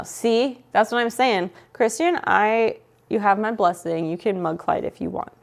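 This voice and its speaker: A woman's voice: mid-range voice, unhurried, vocal fry, hardly any pauses. Woman streamer, casual playful chat with viewers, teasing tone. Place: home.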